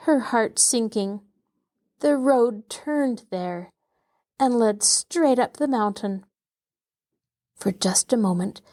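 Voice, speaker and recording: A woman host reading a children's novel aloud in an expressive, dramatic way. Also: on the high side. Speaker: host and storyteller.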